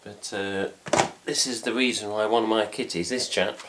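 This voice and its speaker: A middle-aged man with an English accent talks casually to camera from his home, hosting a fan news update. His voice sits very low. He rambles and drops mild swear words throughout. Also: steady tone, moderate pace, very noisy. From England. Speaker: fan site host. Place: home room with cats.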